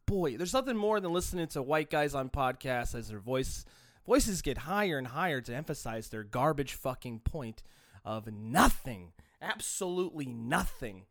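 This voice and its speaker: A man's voice: fairly high pitch, sing-song, measured pace, a bit bright, dry recording, clean studio sound. A man hosting a solo podcast, talking in a profane, rambling rant with frequent restarts. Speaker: podcast host.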